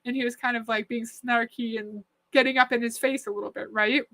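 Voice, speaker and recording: A woman's voice: on the high side, fairly even intonation, a little fast, fairly bright tone. A woman hosting a reaction commentary, chatting skeptically and reading out viewer comments. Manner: skeptical, conversational, often laughing. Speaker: commentary host.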